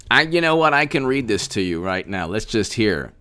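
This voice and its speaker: A man hosting a casual political commentary livestream, animated and repetitive, often restarting his sentences and speaking straight to viewers. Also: on the low side, normal speed. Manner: animated, repetitive, mock-quoting opponents, frequent restarts.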